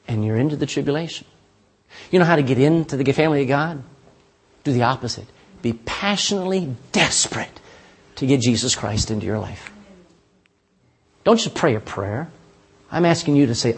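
A man preaching a sermon as pastor, impassioned and pleading, with sudden drops to a hush. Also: on the high side, lively intonation, fairly quick, long pauses, slightly rough.

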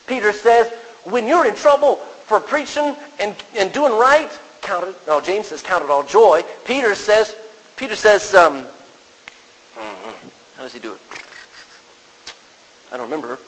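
A man's voice: high voice, lively intonation, unhurried, long pauses, fairly bright tone, slightly rough. A man preaching a sermon in a conversational way, quoting scripture and putting questions to the congregation. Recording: long reverb of a large hall.

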